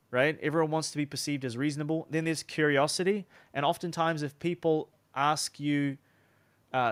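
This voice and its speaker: Man, sales coach, casual teaching, chatty with restarts, slightly high-pitched. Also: fairly bright tone, smooth, no echo. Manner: loose and chatty, many fillers and restarts.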